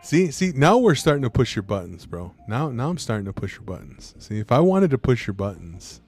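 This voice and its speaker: A man's voice: medium pitch, very animated, fairly quick, darkish tone, soft background music. A man chatting casually on a live stream. He argues brashly, swears freely, and keeps saying bro and dude.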